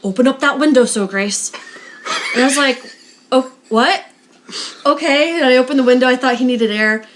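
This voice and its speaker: A woman telling a story in casual chat, animated and slipping into voices for the people in it. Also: high-pitched, moderate pace, long pauses, background noise. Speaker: guest storyteller.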